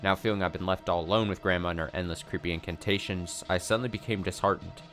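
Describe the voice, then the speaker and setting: A man's voice: low voice, fairly even intonation, fast, a bit bright, faint music behind. Een man met een zeer lage stem leest een visual novel voor, rustig en ernstig, met zachte muziek op de achtergrond. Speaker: let's play narrator. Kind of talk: reading a visual novel aloud.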